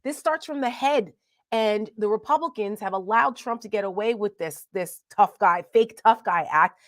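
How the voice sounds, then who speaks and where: East Coast woman host, Jersey accent, animated, dry upfront voice. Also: mid-range voice, normal speed, no room sound. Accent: New Jersey. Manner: animated, indignant storytelling. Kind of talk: casual political chat.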